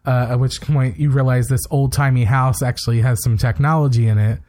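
A man's voice: medium pitch, steady tone, fairly quick, darkish tone. A man co-hosting a podcast, casually recapping a TV episode and retelling scenes with quoted lines and plenty of fillers. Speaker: podcast co-host.

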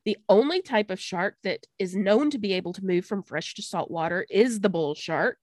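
A woman co-host tells an old story in a loose, chatty podcast way. Her voice sits in a middle pitch and is recorded close and dry. She stumbles over tricky names and breaks into laughs. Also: moderate pace, dry recording. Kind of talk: casual history storytelling chat.

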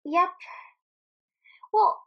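A woman's voice: drawn-out words, lo-fi sound. A woman co-hosting a podcast, chatting casually about a movie, laughing often and swearing freely. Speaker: podcast co-host. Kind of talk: casual movie recap chat.

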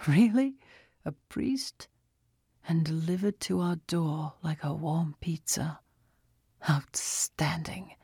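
Brief: woman voicing a mocking male villain, low, creaky, dry close audiobook sound. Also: steady tone, takes it slowly, darkish tone, no echo, full character voice. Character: suave menacing older male cult leader.

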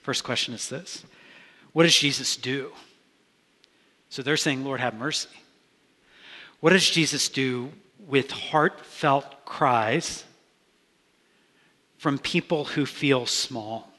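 A man's voice: medium pitch, takes it slowly, pauses often, bright, forceful tone. A man preaching a sermon as pastor, talking in an earnest, conversational way with frequent restarts. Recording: long reverb of a large hall.

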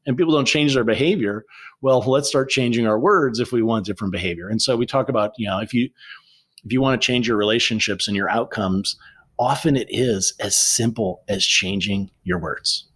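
A man talking as a guest author, telling stories in a lively, animated way with frequent restarts. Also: fairly low pitch. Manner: animated storyteller, many restarts. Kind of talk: conversational interview.

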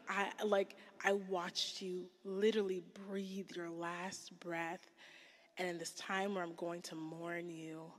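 Woman, 30s, low voice, casual sermon, lots of "like", hushed whispers for emphasis, long hall reverb. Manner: casual and chatty, heavy use of "like", drops to a hushed whisper for emphasis. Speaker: speaker preaching to a church audience. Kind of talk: conversational sermon.

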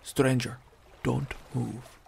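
A man voicing an older male Nord ex-legionnaire who boasts and teases, gruff and matter-of-fact. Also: mid-range voice, moderate pace, slight background noise, lightly acted.

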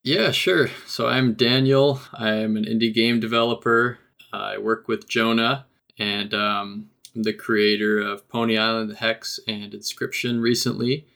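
A man with a somewhat low, gravelly voice guests on a casual podcast. He speaks in a laid-back, self-deprecating way and laughs easily. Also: fairly even intonation, unhurried, a bit bright. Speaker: guest, game developer. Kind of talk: casual chat.

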